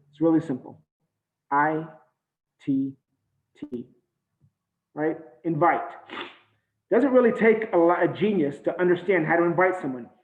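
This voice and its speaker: A man giving an earnest, motivational team training talk over a video call, halting now and then with fillers. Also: fairly high pitch, reverberant, narrow, tinny audio.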